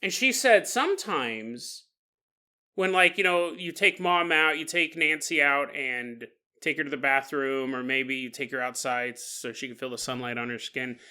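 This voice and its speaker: A man's voice: mid-range voice, moderate pace, sharp tone, clean tone. A man hosting a podcast, telling a paranormal story casually with joking asides. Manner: joking asides, chuckling between lines. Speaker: podcast host.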